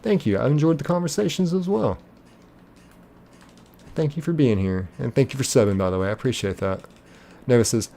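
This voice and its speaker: A man hosting a live game stream, chatting casually and reading out viewer comments in a relaxed, friendly way. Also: fairly low pitch, a little fast, creaky, pauses often.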